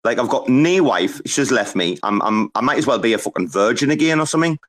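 Male host, casual sweary banter, average pitch. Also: animated, fast, a bit bright. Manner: loose, swearing, joking banter. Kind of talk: casual chat.

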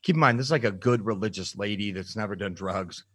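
A man, a podcast guest, frankly telling his life story in a reflective, halting way with plenty of fillers. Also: fairly low pitch, husky, no echo. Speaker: podcast guest, nutrition coach. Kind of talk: candid personal storytelling in an interview.

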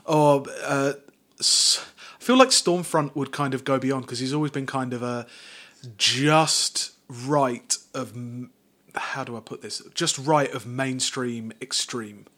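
A man's voice: mid-range voice, slow pace, a bit bright. A man co-hosting a political podcast in casual chat, rambling with fillers and restarts and the odd swear. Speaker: podcast co-host.

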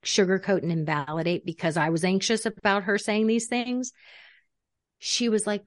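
A middle-aged woman, a parenting coach, talking casually and acting out quotes in animated voices. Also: medium pitch, moderate pace, no room sound, clean studio sound. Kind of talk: casual conversational talk.

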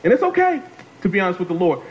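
A man's voice: high-pitched, very animated, rapid-fire, poor audio. A man preaching a sermon as a guest speaker, talking to the congregation, repeating phrases and calling on them to answer.

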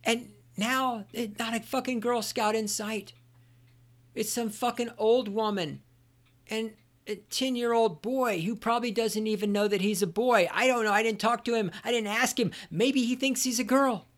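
On his solo podcast, a middle-aged host spins stories as a sarcastic rant laced with profanity. He speaks at normal speed in a high-pitched, steady voice.

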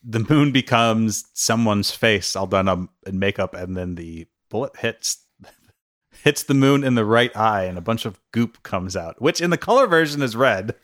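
A man with a low voice co-hosts a casual film discussion, walking through scenes and chuckling as he goes. The sound is dry and close, with no room around it. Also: lively intonation, normal speed, fairly bright tone, dry recording. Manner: chuckles often while recapping scenes. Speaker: podcast co-host.

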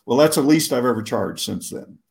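A man's voice: medium pitch, animated, fairly quick, creaky, darkish tone. A man, a public speaker, telling stories in an interview in a rambling, self-interrupting way, often laughing at himself. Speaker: guest speaker. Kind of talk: storytelling interview answers.

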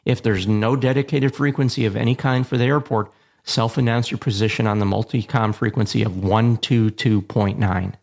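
A man hosting an instructional show on aviation radio communication, reading a measured, plain script with a dry touch of humor. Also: fairly low pitch, steady tone, gravelly, darkish tone. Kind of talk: scripted educational narration.

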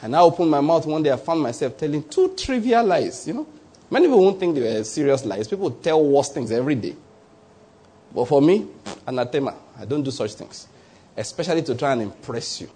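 Husky Nigerian preacher man. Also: on the high side. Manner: animated preaching, drawn-out emphasis, chuckles. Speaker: pastor. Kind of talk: sermon.

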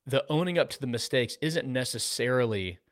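A man's voice: mid-range voice, lively intonation, a little fast, dry recording, clean studio sound. A man co-hosting a casual sports talk show, explaining points steadily with examples. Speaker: podcast co-host.

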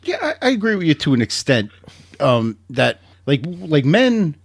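A man's voice: on the high side, very animated, moderate pace, gravelly, husky, dry recording, studio quality. A man co-hosting a casual podcast chat, jokey and rambling, often laughing and restarting his sentences. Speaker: podcast co-host.

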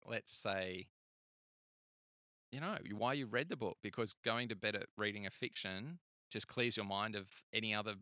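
Bright-voiced easygoing man. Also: on the low side, moderate pace, dry recording, studio quality. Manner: easygoing, laughs often. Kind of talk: casual chat.

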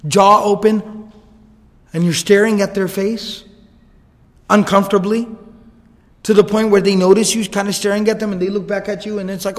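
A male lecturer telling a religious history story in an animated way, mixing in Arabic quotes. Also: high voice, moderate pace, long pauses, in a large hall.

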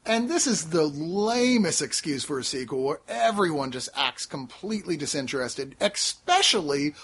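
A man's voice: on the high side, normal speed, husky. A man co-hosting a casual podcast, recapping and reviewing movies in a wry, storytelling way. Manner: animated, wry storytelling with frequent laughs. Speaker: podcast co-host.

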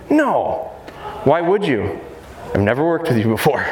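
A man who trains dogs, giving a live seminar and talking fast and jokingly with the crowd in a large hall. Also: a little high, sing-song, a little mellow. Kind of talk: live seminar talk to an audience. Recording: roomy live hall sound, faint noise.

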